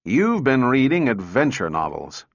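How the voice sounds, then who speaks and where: A man voicing a gruff, sardonic senior male engineer who talks in a brisk, impatient way for an audiobook. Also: medium pitch, very animated, no room sound, muffled recording. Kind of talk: audiobook character reading.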